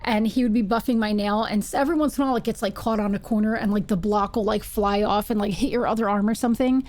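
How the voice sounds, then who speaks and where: A woman streamer telling animated stories while playing a game, acting out quotes and screaming when startled. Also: mid-range voice, quick pace. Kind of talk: casual storytelling while gaming.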